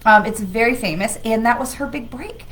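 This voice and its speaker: A woman's voice: on the high side, normal speed, fairly bright tone, poor audio. A woman hosting a weekly livestream as a psychic medium, talking in a chatty, rambling, enthusiastic way with an occasional cough from travel. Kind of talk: casual livestream talk.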